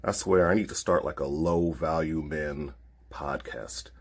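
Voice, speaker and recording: A man's voice: rumbling low, measured pace. A man giving a dry, sarcastic monologue to the camera.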